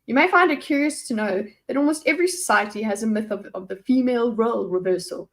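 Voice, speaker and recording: A woman's voice: on the high side, fast, lightly acted. A woman voicing a talkative, educated young captive woman in an amateur fantasy read-aloud, pleading and wry.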